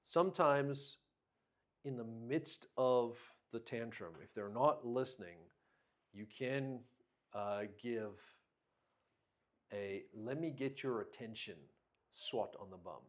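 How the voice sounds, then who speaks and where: A man's voice: medium pitch, takes it slowly, pauses often. A man co-hosting a parenting discussion, talking in a firm, instructive way. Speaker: co-host, parent.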